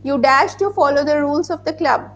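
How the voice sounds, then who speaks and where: High-voiced woman teaching. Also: a little fast, faint music behind. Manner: explains patiently, spells words letter by letter, mixes Hindi asides. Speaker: English grammar teacher. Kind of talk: online class, reading out student answers.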